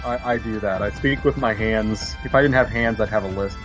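A man chatting casually about a video game, animated and rambling, often restarting his sentences. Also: on the low side, fairly quick, faint music behind, rough recording. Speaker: podcast guest co-host. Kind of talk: casual gaming chat.

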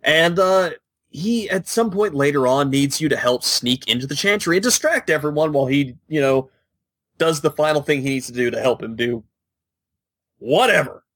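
A man co-hosting a casual gaming podcast, telling the story with animated jokes. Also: a little high, normal speed, no echo. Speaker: podcast co-host.

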